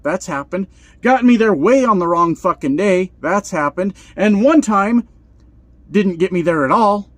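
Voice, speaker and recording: A man's voice: high voice, lively intonation, a little slow, fairly bright tone, no echo. A man who drives trucks over the road, venting in a heated, profane vlog rant from his truck cab.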